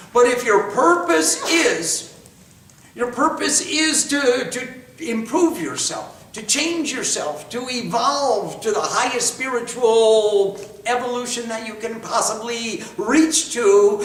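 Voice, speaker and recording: A man's voice: very high voice, fairly bright tone. A man teaching a spiritual class, telling stories and answering students' questions in an emphatic, repetitive style. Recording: echoey room, far from mic.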